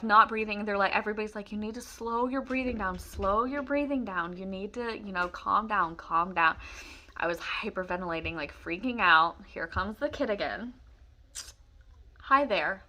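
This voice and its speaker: A young woman talks to the camera in a bright, lively voice, recalling her story with a lot of feeling. She rambles, restarts and fills pauses with "um" and "like", so the telling sounds unscripted and personal. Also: mid-range voice. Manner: emotional, rambling with many fillers.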